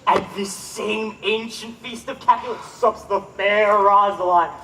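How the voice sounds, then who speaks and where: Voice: medium pitch, fairly even intonation, measured pace, pushed and bright. An actor playing an earnest, lovesick young man, in outdoor Shakespeare stage acting. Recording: voice from far off the mic.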